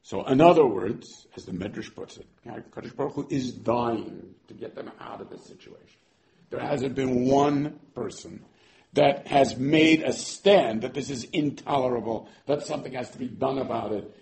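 A man teaching a scripture class in an animated way, repeating words as he goes and weaving in Hebrew terms. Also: mid-range voice, moderate pace, vocal fry. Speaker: Torah teacher.

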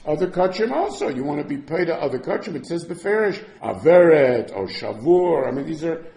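A man's voice: a little high, sing-song, a little fast, warm tone, reverberant. A man teaching a Talmud lesson, asking and answering questions back and forth as he explains.

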